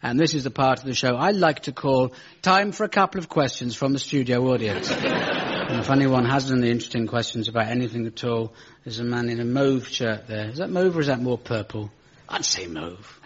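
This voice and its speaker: A man's voice: a little fast, breathy edge, lo-fi sound. A British man doing stand-up comedy on a radio show, dry and self-mocking, taking questions from a studio audience. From Britain. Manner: dry, self-mocking, rises to exasperated high pitch.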